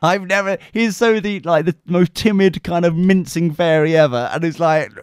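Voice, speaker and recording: This man co-hosts a podcast and, speaking at a normal speed in a clear, resonant voice pitched a little high, recounts a rowdy tale in casual chat. He swears, stays animated, and does quotes in camp voices. The studio sound is clean with no room noise.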